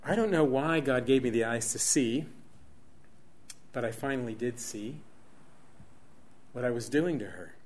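A middle-aged man preaching a sermon, swinging dramatically between hushed near-whispers and loud, emphatic peaks. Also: mid-range voice, animated, unhurried, pauses often.

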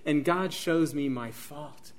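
Dramatic preacher, hushed to booming. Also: male voice, slow. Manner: dramatic, swings from hushed near-whispers to loud emphatic peaks. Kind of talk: sermon.

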